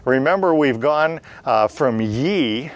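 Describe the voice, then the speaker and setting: A man's voice: medium pitch, animated, slow. Man teaching a plain-spoken Bible lesson. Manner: plain-spoken, frequent "uh" fillers, explanatory.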